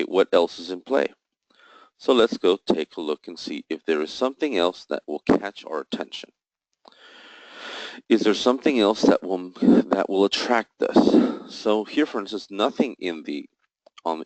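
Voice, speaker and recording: A man with a very low voice leads a live trading lesson, recorded close and completely dry with no room sound. He explains each chart setup methodically, quizzing himself aloud and answering, and throws in emphatic, jokey asides. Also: dry recording, rough recording. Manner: explains step by step, asks and answers his own questions. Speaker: trading instructor. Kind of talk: live trading session walkthrough.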